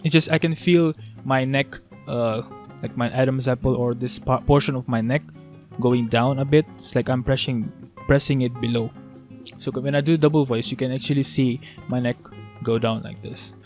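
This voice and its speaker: A man teaching a beatbox vocal technique in a casual tutorial, talking haltingly with restarts as he works out how to explain it. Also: medium pitch, steady tone, a little mellow, faint music behind. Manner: halting, restarts, thinks aloud.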